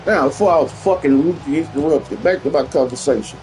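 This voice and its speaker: A man's voice: fairly high pitch, fairly quick, a little mellow, soft background music, rough recording. A man streaming a football video game, trash-talking with mocking, heated, repetitive jabs. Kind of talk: profane trash talk over gameplay.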